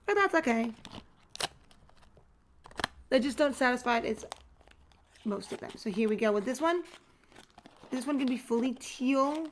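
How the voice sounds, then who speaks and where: A woman chatting casually as she unboxes collectible toys and paints her nails, thinking aloud with bursts of excitement. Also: high voice, unhurried, long pauses, a little hiss or hum. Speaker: nail art vlogger. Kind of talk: casual unboxing and nail tutorial chat.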